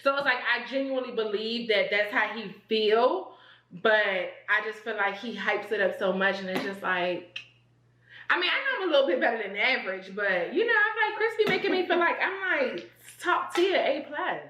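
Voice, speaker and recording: A woman playing a couples game on a vlog, chatty and quick to laugh, talking straight to viewers. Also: on the high side, animated, sharp tone, roomy sound, a little hiss or hum, poor audio. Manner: chatty, laughs often, addresses viewers as y'all. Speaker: couple vlogger.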